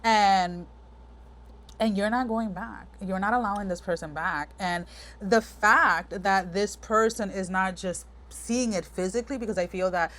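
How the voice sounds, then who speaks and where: A woman's voice: mid-range voice, unhurried, fairly bright tone. A woman giving a casual pick-a-card tarot reading, talking frankly and rambling with lots of fillers and restarts. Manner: chatty, meandering, many fillers and restarts; frank, direct address to the viewer. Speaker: tarot reader.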